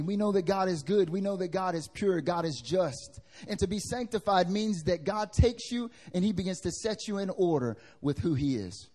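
A young pastor with a fairly high voice preaches a sermon from the pulpit of a church hall full of congregants. He moves energetically between booming outbursts and quiet asides, with big shifts in pitch and volume, and talks to his listeners using relaxed slang.

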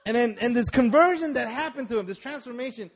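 A man preaching a sermon at a church service, telling the story with animated energy and acting out the figures in it. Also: extremely high pitch, fast, slight background noise.

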